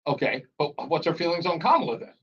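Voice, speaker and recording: High-voiced, chatty talk radio host. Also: male voice, big pitch swings, fast talker, husky, muffled recording. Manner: chatty, laughs often, banters with callers. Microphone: studio broadcast mic.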